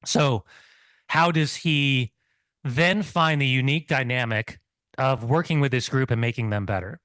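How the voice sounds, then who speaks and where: A man's voice: mid-range voice, unhurried, a bit bright, no room sound. A man co-hosting a football podcast, making earnest points about the team while his mouth burns from hot sauce. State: mouth burning, sweating. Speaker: podcast co-host. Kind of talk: casual football chat.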